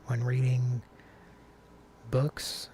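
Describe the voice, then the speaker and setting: Mid-range and dark in tone, this man's voice is monotone with drawn-out words, and a little hiss or hum comes through. He co-hosts a casual talk show podcast, rambling through stories, interrupting himself, and reading listener comments aloud.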